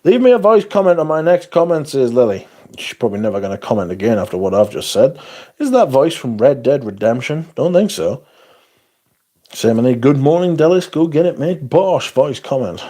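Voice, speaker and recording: A man's voice: medium pitch, big pitch swings, fairly quick, mellow. A man hosting a livestream, chatting casually as he reads viewer comments aloud in a blunt, profane, sarcastic way. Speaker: livestream host.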